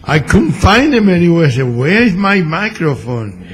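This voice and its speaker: A man with a fairly high voice drops in as a guest on a talk radio show. He chats and jokes loosely, often dropping grammar as he goes. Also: big pitch swings, normal speed. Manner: chatty, joking, loose grammar. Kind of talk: casual political talk radio.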